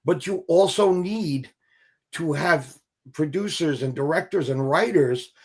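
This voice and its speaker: A middle-aged male actor tells stories in a relaxed interview, full of energy. His voice sits a little high for a man, and he slips into the voices of the people he quotes. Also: a little slow, slightly rough. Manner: animated, acts out quoted voices, swears casually. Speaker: actor guest. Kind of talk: casual interview storytelling.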